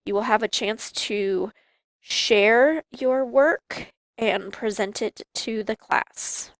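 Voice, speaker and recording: Female teacher giving class instructions, slow and measured, dry recording. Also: fairly high pitch, dry recording, poor audio.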